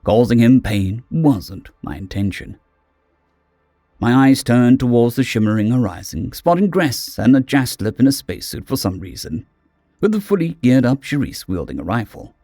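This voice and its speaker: A man reads a first-person story with lively, rolling pitch and dramatic weight. His tone is dark and mellow, recorded close and very dry with no room sound. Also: moderate pace, no echo, faint music behind. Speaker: audiobook narrator. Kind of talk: first-person audiobook narration.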